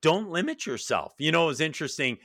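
A man's voice: on the high side, big pitch swings, quick pace, sharp tone, no room sound, studio quality. A man hosting a casual interview chat, talking with enthusiasm and acting out quoted voices in his stories. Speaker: podcast host.

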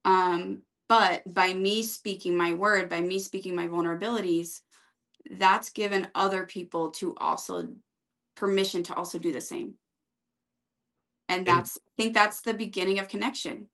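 A woman guest on a podcast, speaking in an earnest, steady, reflective way. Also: mid-range voice, moderate pace. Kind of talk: casual interview chat.

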